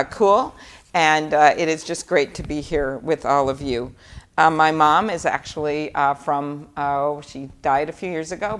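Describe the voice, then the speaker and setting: A middle-aged woman from Minnesota, a senator, giving a chatty live speech full of anecdotes and fillers. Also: deep voice. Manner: chatty storytelling with many fillers. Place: event hall before a live audience.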